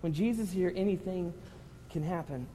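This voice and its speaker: A male pastor preaching to a congregation, conversational with loud impassioned rises. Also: sits high, a little fast, slight background noise. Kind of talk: sermon. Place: church hall with congregation. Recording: reverberant hall with faint ambience.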